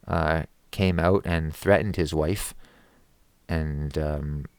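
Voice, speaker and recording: A man's voice: deep voice, smooth, no echo. A man telling an angry story to camera in a heavily profane, heated rant. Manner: grows loud and agitated. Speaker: vlogger.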